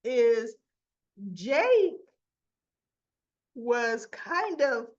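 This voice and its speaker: A woman's voice: fairly high pitch, sing-song, drawn-out words, darkish tone, muffled recording. A woman hosting a casual soap opera recap, chatty, acting out the characters' lines and adding asides.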